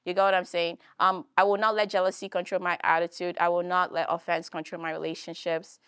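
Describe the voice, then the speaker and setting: A young woman with a Philadelphia accent telling a personal story in a talk, animated and full of fillers, acting out the voices she quotes. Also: lowish voice, brisk, clean tone, dry recording. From United States. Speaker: guest speaker.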